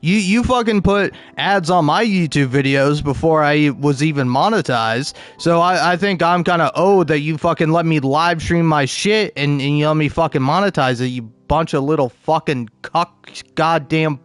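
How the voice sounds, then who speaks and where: A man's voice: fairly high pitch, normal speed, smooth, no echo. A man streaming, ranting in a profane, stammering way.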